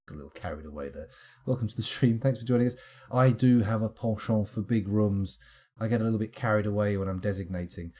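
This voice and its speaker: A man's voice: lowish voice, fast talker, warm tone. A man streaming a game live, thinking aloud in a chatty, self-mocking way. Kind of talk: live gameplay commentary.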